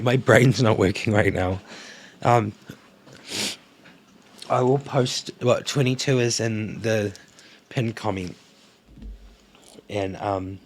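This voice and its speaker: A man's voice: lowish voice, a little hiss or hum. A man doing a casual oracle card reading to camera, emotional, laughing and sighing as he goes. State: emotional, coughing. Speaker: tarot card reader.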